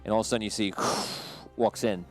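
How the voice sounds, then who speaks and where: A man's voice: fairly low pitch, steady tone, brisk, faint music behind. A man narrating as game master of a tabletop game, talking loosely with many restarts and fillers.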